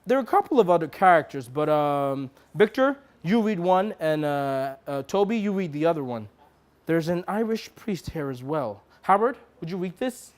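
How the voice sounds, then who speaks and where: Man from Nigeria telling a lively story. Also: fairly high pitch. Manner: lively, switches between quick asides and slow dramatic reading. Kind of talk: theatrical solo storytelling.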